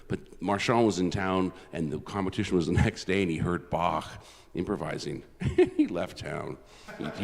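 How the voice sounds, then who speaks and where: A man from Canada who performs on the organ introduces himself at a normal pace in a deep, gravelly voice. He's chatty and pokes fun at himself, often backing up to begin again, and the big church gives the sound a long tail of reverb.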